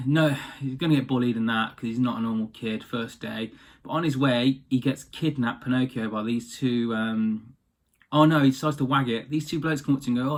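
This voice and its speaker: Male, loose chatty retelling, average pitch. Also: moderate pace. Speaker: storyteller. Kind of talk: casual retelling of a story.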